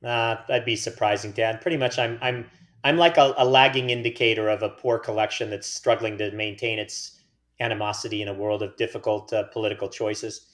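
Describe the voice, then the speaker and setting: A man's voice: lowish voice, steady tone, fairly quick, a bit bright. An American man co-hosting a casual podcast, rambling through playful tangents and mock-serious teasing. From United States. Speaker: podcast co-host. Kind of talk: casual chat.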